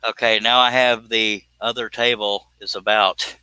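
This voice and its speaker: Guy rambling on his live stream, bright smooth voice, dry close sound, keeps getting sidetracked. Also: lowish voice, level tone, normal speed, dry recording, rough recording. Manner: rambling, self-deprecating, easily sidetracked. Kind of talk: casual live-stream chat while working.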